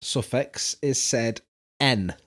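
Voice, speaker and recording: A man's voice: mid-range voice, slow pace, fairly bright tone. Teasing man reading podcast how-to. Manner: reads out step by step, teasing and swearing casually. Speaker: podcast co-host. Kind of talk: casual podcast chat, reading instructions aloud.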